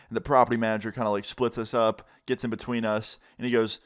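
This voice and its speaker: A man's voice: medium pitch, steady tone, fast talker, hardly any pauses. Casual young man telling a story. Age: 20s. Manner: casual, swearing, conversational. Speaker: vlogger. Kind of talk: storytime vlog.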